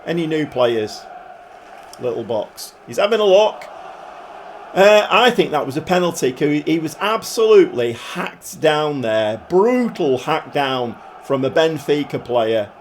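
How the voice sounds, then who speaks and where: Male gaming YouTuber, chatty match commentary, a little higher-pitched, dry humour, moody swings. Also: noisy background. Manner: chatty, dry humour, swings between glum grumbling and excited cheering. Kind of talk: casual play-by-play commentary on a football management game.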